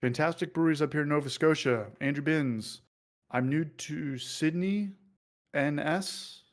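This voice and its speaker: A man's voice: fairly high pitch, a little slow. A man casually hosting a livestream, joking loosely and reading out viewer comments. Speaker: livestream host.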